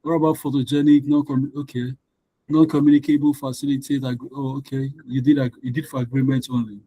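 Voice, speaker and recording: Male English tutor on a video call, mellow voice, dry sound, patient, repeats his points. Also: mid-range voice, level tone, fast talker, husky, dry recording, rough recording. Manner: patient, repeats each rule for the class. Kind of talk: online class teaching.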